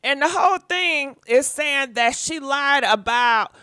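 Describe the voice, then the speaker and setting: Sassy high-voiced woman gossip host. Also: lively intonation, measured pace, sharp tone, no echo, studio quality. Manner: sassy, laughing, talks back at celebrities. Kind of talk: casual live gossip commentary.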